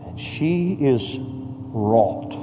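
A man pastor telling a story in a sermon, swinging from hushed to shouting with dramatic force. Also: medium pitch, lively intonation, very slow. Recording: long hall reverb, faint music behind.

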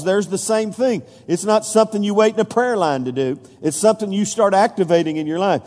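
A man's voice: sits high, animated, normal speed, dark tone. A pastor preaching a folksy sermon, stumbling over fillers and restarts, then rising with emphasis when he reads scripture. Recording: long reverb of a large hall.

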